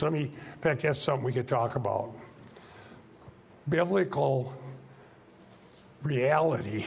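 A man, a pastor, leading an informal church class discussion into a microphone, talking in short, halting, unhurried phrases and never raising his voice. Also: medium pitch, gravelly, breathy edge. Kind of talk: informal church teaching talk.

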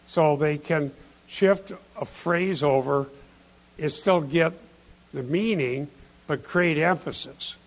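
Man preaching a sermon, slow deliberate delivery, gravelly edge, slightly higher voice, emphatic. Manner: emphatic, explains Greek word order and scripture. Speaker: pastor. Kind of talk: expository sermon.

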